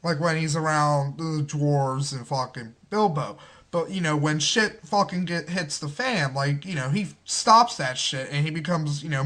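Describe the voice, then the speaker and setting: Casual male reviewer, slightly high voice, rambling and profane. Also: pushed and bright. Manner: rambling, profane, many fillers and restarts. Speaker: movie reviewer.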